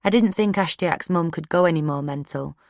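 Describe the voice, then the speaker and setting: Brief: woman, low voice, steady first-person audiobook read, dry close mic. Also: brisk, dry recording. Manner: steady, plain-spoken storytelling. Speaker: audiobook narrator. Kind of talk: first-person true crime audiobook narration.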